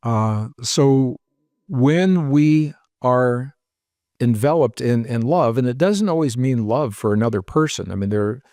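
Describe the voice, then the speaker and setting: A man's voice: medium pitch, expressive, a little slow, a little mellow, dry recording, clean studio sound. Earnest man explaining at length. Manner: earnest, explanatory, listing examples. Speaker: author and researcher guest. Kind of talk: podcast interview answers.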